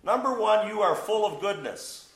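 A man's voice: high voice, expressive, moderate pace, a bit bright, reverberant, poor audio. A man preaching a sermon, teaching verse by verse with emphatic, playful asides and questions to the congregation. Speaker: pastor.

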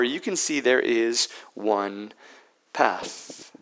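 A man preaching a sermon as pastor, swinging between loud emphatic peaks and hushed, near-whispered lines. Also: mid-range voice, very slow, rough recording.

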